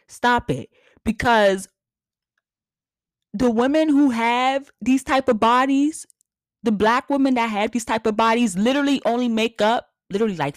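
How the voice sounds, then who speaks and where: A woman's voice: medium pitch, no room sound, clean studio sound. A woman hosts a podcast in a blunt, profane, repetitive rant. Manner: profane, blunt, repeats herself for emphasis. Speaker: podcast host. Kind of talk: casual ranting monologue.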